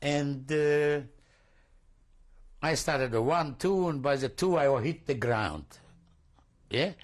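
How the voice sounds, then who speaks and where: Older man giving halting testimony. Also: on the high side. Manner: halting, searching for words, repeats himself; non-native English, broken grammar. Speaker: interviewee. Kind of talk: oral history testimony.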